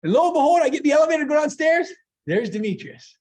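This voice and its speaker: A middle-aged man with a fairly high voice tells stories to a club meeting in a meeting room. He is lively and anecdotal and slips into the voices of the people he quotes. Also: fast. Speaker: guest speaker. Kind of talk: storytelling speech at a club meeting.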